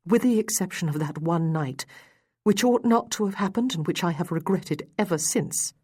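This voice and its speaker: A prim young schoolteacher, prickly and clipped in her indignation, voiced by a woman reading aloud. Her voice sits on the low side. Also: expressive, normal speed, a little mellow, slightly rough, no room sound, studio quality. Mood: indignant.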